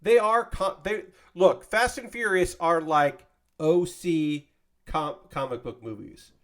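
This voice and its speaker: A man in his forties chats loosely with his stream as he builds a model kit, rambling from one tangent to the next and swearing casually. His voice sits a little high for a man. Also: slow, fairly bright tone. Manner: rambling, chatty, swears casually, reads chat aloud.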